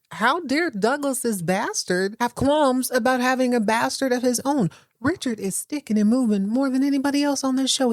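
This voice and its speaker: A woman's voice: fairly high pitch, dry recording, clean studio sound. A woman hosting a podcast, giving a comic recap of a soap opera with sassy, slangy asides. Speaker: podcast host. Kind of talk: comedic TV recap.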